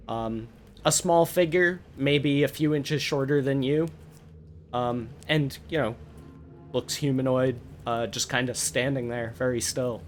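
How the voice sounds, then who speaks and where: Male game master, halting filler-laden narration, faint noise floor. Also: mid-range voice. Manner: hesitant, filler-heavy narration.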